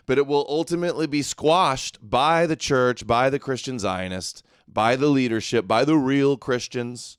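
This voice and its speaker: A man's voice: mid-range voice, clear, resonant tone, dry recording, clean studio sound. A man hosting a livestream with sarcastic, mocking commentary. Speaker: livestream host.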